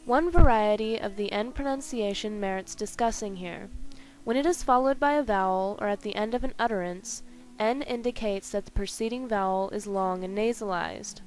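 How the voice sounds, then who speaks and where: A woman reading a scripted language lesson carefully, slowing down to spell out each example. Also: medium pitch, a little mellow. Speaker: language teacher.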